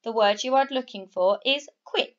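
A woman teaching a phonics lesson to young children, sounding out each letter slowly and blending words, with upbeat praise. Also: a little high. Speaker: primary school teacher. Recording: slightly dull, lo-fi recording.

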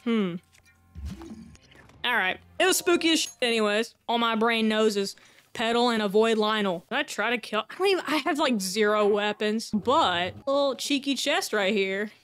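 A woman giving casual, jokey commentary on her own gameplay, excitable and swearing, talking to herself as she plays. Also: a little high, normal speed, soft background music. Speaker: gaming YouTuber.

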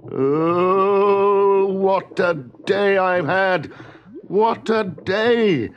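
A man's voice: mid-range voice, very animated, a little slow, lo-fi sound, slight background noise. A man voicing a hapless, flustered husband in a storybook reading, wailing and self-pitying.

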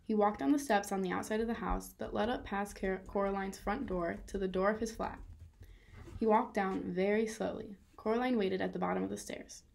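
A woman reading a children's novel aloud in a calm, steady way. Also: medium pitch, fairly quick, gravelly. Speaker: reader. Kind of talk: children's book read-aloud.

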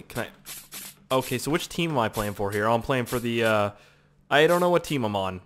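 A young man giving excitable, profane let's play commentary, humming little tunes as he plays. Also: medium pitch, a little fast. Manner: excitable, swears a lot, hums little tunes. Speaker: gaming channel host.

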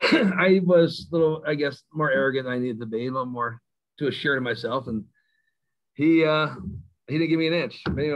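A middle-aged man with a Kentucky accent, a high school coach telling stories as a guest, self-mocking and laughing often. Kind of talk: casual storytelling interview. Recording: slightly dull lo-fi sound.

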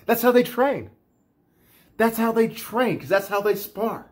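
A man ranting in a casual vlog, animated and profane, often repeating himself. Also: very high-pitched, unhurried. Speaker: vlogger. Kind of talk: casual rant.

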